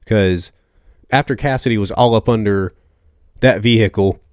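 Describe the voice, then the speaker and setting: A man's voice: on the low side, normal speed, a little mellow, dry recording, studio quality. A young man from the American South hosting a casual solo podcast, rambling and joking through stories with lots of asides. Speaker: podcast host.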